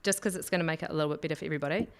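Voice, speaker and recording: A woman's voice: low-pitched, very fast, in a large hall. A woman guest on a podcast, chattily explaining whisky with plenty of ums. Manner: explanatory, chatty, many fillers. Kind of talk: casual chat.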